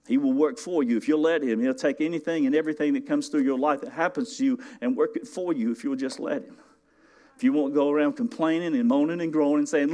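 A man's voice: mid-range voice, a little mellow. Conversational male preacher. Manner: conversational, rising to emphatic call-outs. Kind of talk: sermon.

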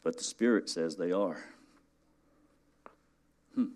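A man's voice: deep voice, takes it slowly, darkish tone. Conversational male preacher. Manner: conversational, rising to emphatic call-outs. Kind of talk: sermon.

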